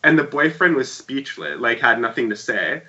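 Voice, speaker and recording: A man co-hosting a podcast, chatting casually and telling a story with animated swings between loud and quiet. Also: mid-range voice, moderate pace, dull audio. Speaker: podcast co-host. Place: home room with shelves.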